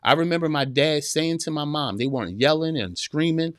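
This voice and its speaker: A man in his forties hosts a relationship advice podcast, speaking fairly quickly in a fairly high, fairly bright voice. He talks straight to listeners in a casual counseling style with emphatic repeated phrases, and the recording is dry with clean studio sound.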